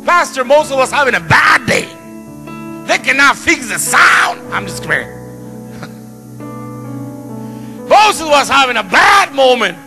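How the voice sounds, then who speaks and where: A middle-aged pastor preaches with a high, bright voice, telling stories with playful asides. Soft piano music plays in the background. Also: male voice, slow, creaky, long pauses. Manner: storytelling, animated, playful asides. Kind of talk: sermon.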